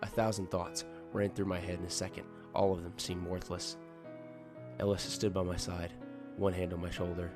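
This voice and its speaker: A man's voice: low-pitched, little pitch movement, normal speed. A man reading a horror story aloud as a scripted narration, tense and dramatic. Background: music.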